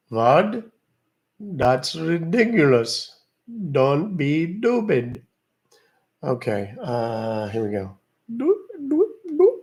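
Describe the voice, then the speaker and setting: A man's voice: mid-range voice, a little mellow. A man from West Virginia hosting a livestream, chatting with viewers in a joking, casual way. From West Virginia, USA. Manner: joking, chatty, talks to his chat. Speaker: scam-baiting livestream host.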